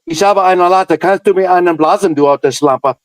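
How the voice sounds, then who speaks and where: Guy doing a goofy fake german accent bit, slow and crude, kinda high. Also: no echo, lightly acted. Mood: mocking. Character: man in mock German gibberish, crude joking.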